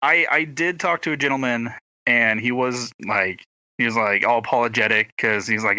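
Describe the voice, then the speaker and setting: Young oklahoma guy w/ a country twang, rambly storyteller, really bright dry sound. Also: mid-range voice, fairly even intonation, moderate pace, no echo, rough recording. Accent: rural Oklahoma. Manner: rambling storyteller, acts out quotes. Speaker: podcast co-host, brother. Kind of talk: casual chat.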